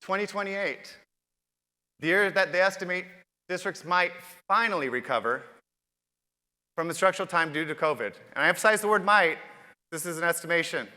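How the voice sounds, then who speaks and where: A high-voiced man speaks with a bright, forward tone as he hosts a conference keynote. He stays upbeat and keeps turning to the crowd with questions. His voice rings out through a large hall with a long, trailing echo. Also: a little fast. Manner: upbeat, addresses the audience directly with questions.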